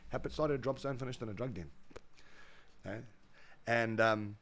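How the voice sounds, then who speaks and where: A South African man telling stories as a guest in a casual interview, animated, acting out quoted voices and often repeating words. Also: mid-range voice, moderate pace. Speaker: guest, motivational speaker.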